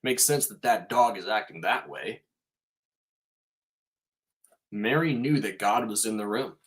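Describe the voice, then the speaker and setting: A man's voice: on the low side, normal speed. A man hosting a podcast, giving a casual spiritual monologue in an emphatic way and swearing freely.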